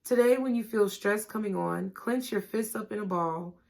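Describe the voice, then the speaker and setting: A woman giving a tarot reading, talking gently and reassuringly and often checking in with "okay?". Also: medium pitch, moderate pace, gravelly. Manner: casual, laughing and swearing at times. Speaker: tarot reader.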